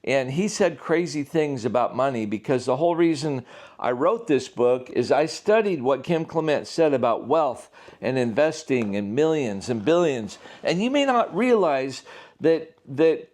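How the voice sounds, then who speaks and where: A man's voice: medium pitch, expressive, measured pace, a little mellow. Earnest man talking off the cuff. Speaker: author and prophecy commentator. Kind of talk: casual spoken monologue.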